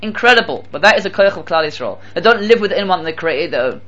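A man giving a Torah talk as a sermon, animated and repeating phrases for emphasis, with Hebrew terms mixed in. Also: high voice, fast, muffled recording. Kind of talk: sermon with storytelling.

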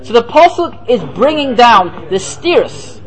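A man with a very high voice gives a Torah lecture as a rabbi. He asks rhetorical questions, answers them himself, and slips into the voices of the people he quotes. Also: measured pace, poor audio. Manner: lively, acts out the people he quotes.

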